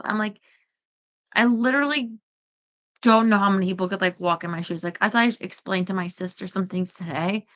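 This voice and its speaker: A woman's voice: medium pitch, moderate pace, a bit bright. A woman hosting a casual chat, rambling with lots of fillers and quoting herself. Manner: rambling, full of fillers and self-quotes. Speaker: podcast host.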